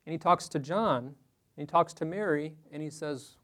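A man's voice: a little high, normal speed, fairly bright tone. A man teaching a Bible study class to a small group in a room, talking conversationally and asking the group questions.

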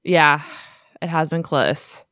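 A woman's voice: low-pitched, slow pace, fairly bright tone, no echo. A young woman co-hosting a podcast in casual chat, teasing and often breaking into laughs. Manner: giggly, teasing, trails into laughs. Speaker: podcast co-host.

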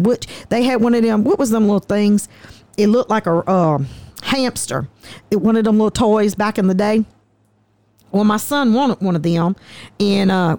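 A woman's voice: a little high, no echo. Profane woman telling wild stories. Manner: animated, profane, folksy storyteller. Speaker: guest. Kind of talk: casual storytelling.

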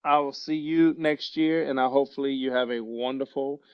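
A man's voice: medium pitch, fairly even intonation, brisk, clear, resonant tone, no room sound, highs cut off. A man in his forties from Louisiana with a faint Louisiana accent, co-hosting a podcast in rambling casual chat. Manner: rambling, restarts and self-corrections. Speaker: podcast co-host.

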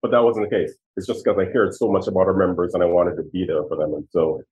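A man's voice: sits low, level tone, fast talker, a little mellow, a little hiss or hum. A man in his sixties, a former police chief, telling personal stories earnestly and with emotion in an interview. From Jamaica. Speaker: retired police chief, guest. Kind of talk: storytelling interview answers. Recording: tinny phone-like line.

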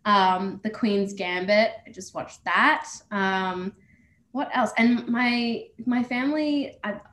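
A woman's voice: mid-range voice, slow, a bit bright. Bubbly young woman, echoey room. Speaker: actor guest. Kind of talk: casual interview chat. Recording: echoey room with faint noise.

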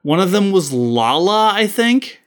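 A man co-hosting a podcast who talks quickly in casual chat and laughs often. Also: high-pitched, sing-song. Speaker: podcast co-host.

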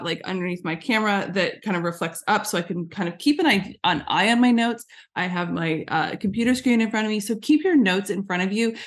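Brief: American woman guest, talkative and emphatic, lots of "like", mid-pitched voice, remote call sound. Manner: chatty, frequent "like" fillers, emphatic asides. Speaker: guest, branding agency founder. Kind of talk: casual interview chat.

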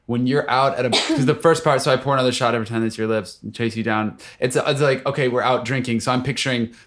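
Male songwriter guest, rapid rambling storyteller, mid-pitched. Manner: rambling, excited, full of fillers and swearing. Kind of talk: casual storytelling chat.

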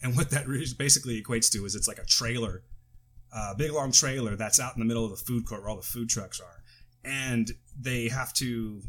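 An American man talking close into a podcast microphone. He rambles and drifts into side stories, cutting himself off mid-thought, with a middling pitch. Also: fairly bright tone. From United States. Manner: rambling, tangent-prone, self-interrupting. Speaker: podcast co-host. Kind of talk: casual chat. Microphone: close podcast mic.

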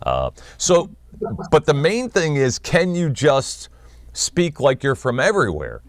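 A man in his fifties with a New York accent, a guest chatting in a relaxed, wry way and laughing often. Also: medium pitch, measured pace, no echo. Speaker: guest, former wrestling announcer. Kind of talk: casual interview chat.

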